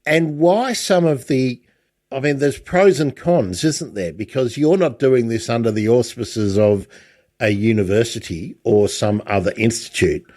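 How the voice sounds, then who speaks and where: A man's voice: mid-range voice, a little slow, darkish tone. An older man hosting a podcast, asking questions in a friendly, conversational way. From Australia. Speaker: podcast host. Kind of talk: casual interview talk.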